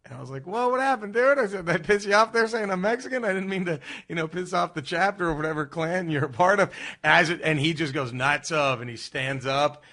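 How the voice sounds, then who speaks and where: A man, a comedian guest, telling road stories with lively acted-out quotes. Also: on the high side, fast talker. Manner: animated storyteller who acts out quotes. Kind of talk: storytelling in casual chat.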